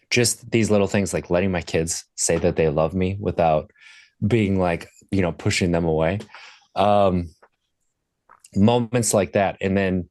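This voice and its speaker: A man talking as a podcast guest, telling a candid personal story in a reflective, halting way with restarts. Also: sits low, a little mellow, dry recording.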